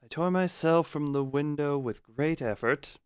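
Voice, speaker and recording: A man's voice: fairly high pitch, measured pace, clean tone, no echo. Joking streamer man reading game text. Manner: reads game text aloud, breaking off for joking asides. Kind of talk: live gameplay stream, reading a visual novel aloud.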